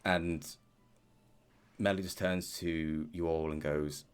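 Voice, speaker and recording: A man with a very low voice runs a tabletop game as dungeon master. He narrates scenes slowly and deliberately, with plenty of ums and uhs. His pace is unhurried throughout. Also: fairly even intonation, clean tone. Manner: measured narration with frequent fillers.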